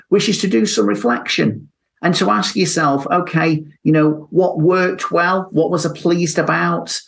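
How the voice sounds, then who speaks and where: Reflective male mentor giving advice. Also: a little high. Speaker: mentor, interview guest. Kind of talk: advice talk.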